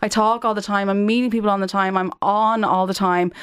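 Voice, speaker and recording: A woman's voice: mid-range voice, fairly even intonation, brisk, smooth. A woman in her thirties with a Dublin accent, a radio studio guest telling chatty stories and acting out the voices she quotes. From Ireland. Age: 30s. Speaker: guest, gossip site founder. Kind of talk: casual radio chat.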